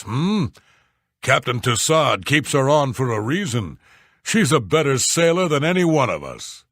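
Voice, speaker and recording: Casting: blunt, scornful fantasy game tough guys, drawling slow delivery, very dry sound. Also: male voice, medium pitch, a bit bright, no room sound, heavily acted. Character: rough male Nord warriors, guards, sailors, townsfolk. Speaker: video game voice actor. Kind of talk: video game character dialogue.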